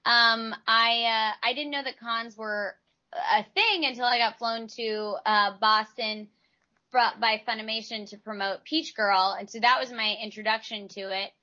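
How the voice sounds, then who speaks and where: Bright-voiced woman, chatty voice actress. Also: a little high, fairly even intonation, measured pace, highs cut off. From Texas. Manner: chatty, rambling explanations with restarts. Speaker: voice actress, guest. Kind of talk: casual interview answers.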